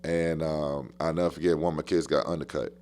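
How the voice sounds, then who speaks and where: A man with a very deep voice tells stories from his coaching career in a loose, slangy podcast style. He talks with plenty of animation and hammers his points by repeating short phrases. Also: level tone, fairly quick, darkish tone, slight background noise. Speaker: basketball coach. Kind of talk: casual podcast storytelling.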